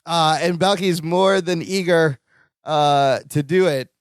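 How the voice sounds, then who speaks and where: Man, podcast co-host, slightly high voice, dry close sound, animated retelling. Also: a little slow, clear, resonant tone, dry recording. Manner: animated, laughs often, acts out lines from the show. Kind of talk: casual chat recapping a sitcom episode.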